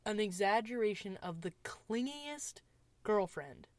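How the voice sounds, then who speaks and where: A woman's voice: mid-range voice, lively intonation, a little slow, a little mellow, no room sound. A woman co-hosting a podcast, chatting casually and playfully about a movie with frequent laughs. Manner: giggly, playful. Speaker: podcast co-host. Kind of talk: casual movie review chat.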